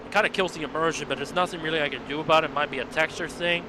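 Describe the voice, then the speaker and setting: A man giving chatty, rambling livestream commentary on his own racing game mod, with bursts of excited cheering. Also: fairly high pitch, rapid-fire, background noise. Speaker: game modder and streamer.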